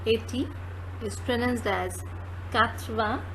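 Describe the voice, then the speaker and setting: A woman's voice: medium pitch, measured pace, a bit bright, a little hiss or hum, low-quality recording. A woman teaching numbers, saying each one twice, plainly. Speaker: French teacher. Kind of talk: slow spoken lesson with repetitions.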